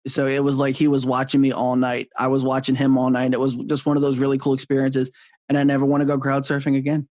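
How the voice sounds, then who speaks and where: Relaxed radio host man. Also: mid-range voice, fast, no echo. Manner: laughs easily, relaxed anecdotes. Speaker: radio on-air personality, host. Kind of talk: casual podcast chat.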